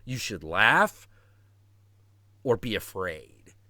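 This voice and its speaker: Animated, profane man hosting a stream. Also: on the low side, extremely slow, dry recording. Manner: animated, profane, acts out quotes. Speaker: stream host. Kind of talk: casual chat.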